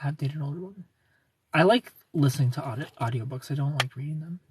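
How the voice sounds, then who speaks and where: A fast-talking man in his thirties, not from the US, hosts a casual livestream and rambles through answers to viewer comments with restarts and light laughs. His voice sits on the high side, and background noise is audible.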